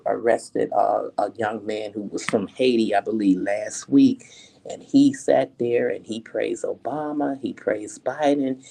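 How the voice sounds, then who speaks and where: A woman's voice: a bass voice, creaky, warm tone, husky, poor audio. A woman vlogger giving her opinions in an emphatic, indignant way, often repeating her points. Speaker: political commentary vlogger. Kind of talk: opinion vlog.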